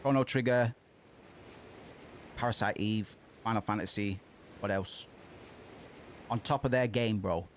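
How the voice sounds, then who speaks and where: A man's voice: on the low side, unhurried, long pauses, slight background noise. A man streaming a game, chatting in casual let's-play commentary, rambling with frequent restarts and casual swearing. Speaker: gaming streamer.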